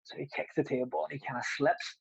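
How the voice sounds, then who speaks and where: Brief: ex-footballer, young adult, husky voice, rambling and laughing, dry lo-fi sound. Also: male voice, fairly high pitch, little pitch movement, quick pace, no echo. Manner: rambling, laughs often, restarts. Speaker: former footballer, podcast co-host. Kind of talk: casual storytelling.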